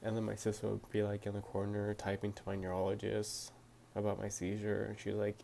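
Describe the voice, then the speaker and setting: A man's voice: on the low side, monotone, a little fast, vocal fry, mellow, a little hiss or hum. A young man answering viewer questions to his phone camera, talking hesitantly with lots of fillers and restarts. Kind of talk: casual talk to camera.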